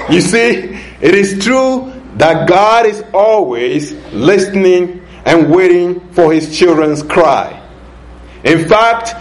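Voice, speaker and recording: Guy preaching a sermon, high voice, real slow and deliberate, drags out the key words. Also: rough recording.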